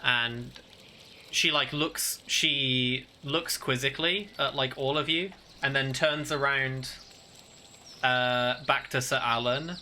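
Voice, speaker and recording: Slow-paced bright-voiced game master. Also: male voice, mid-range voice, fairly even intonation, slight background noise. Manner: hesitant, filler-heavy narration. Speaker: dungeon master. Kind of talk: narrating a tabletop game. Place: home setup with fantasy ambience playing.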